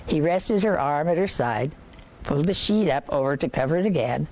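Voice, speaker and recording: An older woman reading a novel aloud to listeners, measured, with occasional slips and restarts. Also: low voice, expressive, a little mellow. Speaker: reader.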